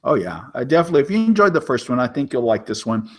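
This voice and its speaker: A man co-hosting a movie review podcast, relaxed and enthusiastic. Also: medium pitch, very fast. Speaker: podcast co-host. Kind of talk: casual movie review chat.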